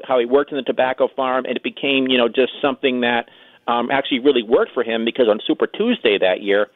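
A man's voice: mid-range voice, no room sound. A man as a guest political commentator on a radio talk show, speaking casually with many fillers over a phone line. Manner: quick, chatty, many fillers. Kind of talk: radio call-in interview. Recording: tinny dry phone line.

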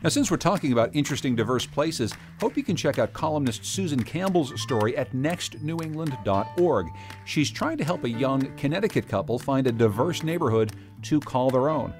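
A male public radio host with a mid-pitched voice, reading introductions and segment links in a measured, scripted manner. Faint music plays behind him. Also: animated, darkish tone.

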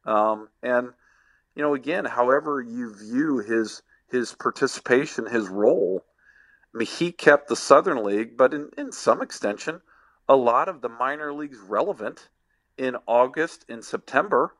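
This middle-aged man, a former ballplayer who became a sports agent, has an animated, mid-range voice that is a bit bright. He responds to podcast questions in a halting, reflective manner, frequently starting over.

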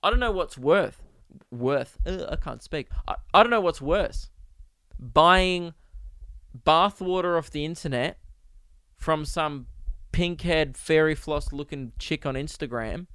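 A young Australian man rants into a close mic about a small annoyance, sarcastic and worked up, slipping into mocking voices. His voice sits fairly high for a man, smooth and clear. The sound is dry, with no room around it. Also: unhurried, a bit bright, dry recording. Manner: exasperated, sarcastic storytelling with mock voices. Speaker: podcast host. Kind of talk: solo comedic rant.

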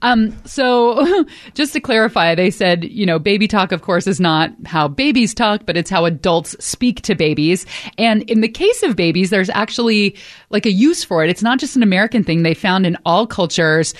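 A woman's voice: medium pitch, lively intonation, normal speed, no room sound. Chatty woman reporter, dry studio sound. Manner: candid, chatty, wry storyteller. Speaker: radio reporter. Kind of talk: casual radio chat. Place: radio studio. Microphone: studio microphone.

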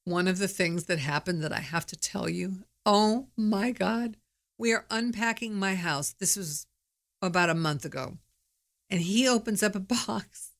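A woman's voice: medium pitch, a little slow. A middle-aged woman hosting her own podcast, talking candidly in a chatty, storytelling monologue. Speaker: podcast host. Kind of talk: casual monologue.

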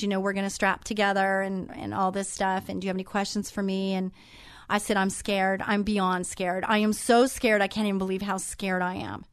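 A woman's voice: medium pitch, smooth, no echo, clean studio sound. Chatty woman host telling a story. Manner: chatty, animated retelling with quoted dialogue. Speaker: radio show host. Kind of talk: casual storytelling monologue.

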